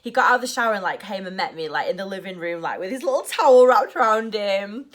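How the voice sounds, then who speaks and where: A young woman telling a story in a casual vlog, rushed and nervous, saying "like" constantly. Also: medium pitch, expressive. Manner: rushed and nervous, heavy use of "like". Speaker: vlogger.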